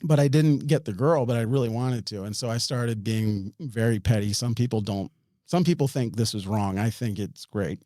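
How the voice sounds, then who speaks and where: A man's voice: mid-range voice, normal speed, warm tone, no echo, clean studio sound. A man, a podcast guest, tells a story in a rambling way, with many restarts and chuckles. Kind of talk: storytelling in an interview.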